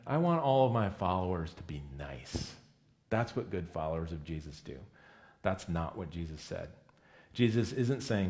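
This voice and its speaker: A man's voice: on the low side, expressive, normal speed, darkish tone. A man preaching a sermon in a conversational, emphatic way, often correcting himself mid-sentence. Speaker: pastor.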